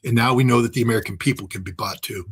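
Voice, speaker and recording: A man's voice: medium pitch, rapid-fire, slightly rough. A man giving emphatic political commentary, firing off rhetorical questions.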